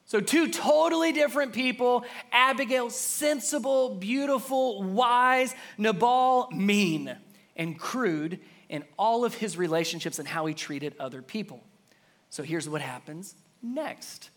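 Man preaching, highish voice, leans hard on a refrain. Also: a little slow, fairly bright tone. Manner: emphatic, repeats a refrain, calls listeners to say it back. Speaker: pastor. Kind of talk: sermon.

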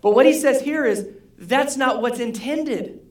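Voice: sits high, unhurried. Roomy-sounding pastor quizzing the congregation. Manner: asks the congregation questions, repeats key words. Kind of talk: conversational sermon. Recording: roomy hall echo.

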